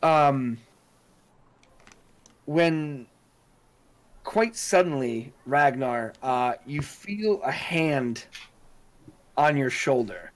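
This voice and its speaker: A man narrating as game master of a tabletop role-playing game, halting often with fillers and restarts. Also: medium pitch, animated.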